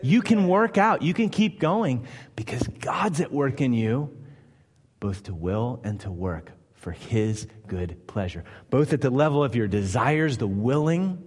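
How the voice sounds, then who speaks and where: A man's voice: medium pitch, expressive, measured pace, darkish tone, husky, big-room sound. A man preaching a sermon in an emphatic style, often asking the listeners rhetorical questions.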